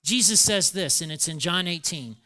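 A man preaching a sermon, animated, acting out quoted lines with small laughs. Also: high voice, moderate pace. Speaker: pastor.

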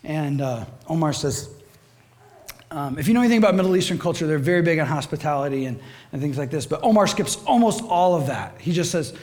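A man preaching a sermon, animated and conversational, asking the congregation questions and acting out voices in his stories. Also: on the high side, a little fast.

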